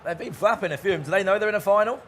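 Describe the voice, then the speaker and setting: A man co-commentating on a football video game final, animated and chatty. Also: high voice, racing, a little hiss or hum. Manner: animated, bursts into shouting on goals. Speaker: esports co-commentator.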